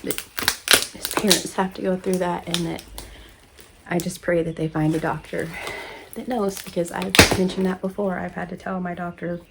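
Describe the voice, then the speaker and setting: A woman's voice: on the low side, level tone, moderate pace, creaky, heavy background noise. A woman hosting a crafting channel, chatting casually and emotionally as she opens her mail, laughing often and gushing her thanks. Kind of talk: casual chat while opening mail.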